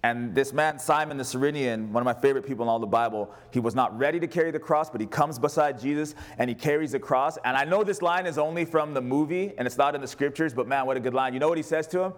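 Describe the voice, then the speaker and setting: A man preaching as pastor, passionate, moving between a raised voice and a hushed, tender delivery. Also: medium pitch, fast talker, few pauses. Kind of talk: sermon.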